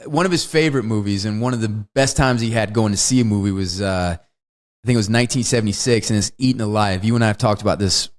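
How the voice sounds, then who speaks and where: A man's voice: lowish voice, fast talker. A man co-hosting a podcast, chatting casually about films and acting out lines from scenes. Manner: animated, acts out movie lines in big shifting voices. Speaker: podcast co-host. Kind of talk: casual film discussion.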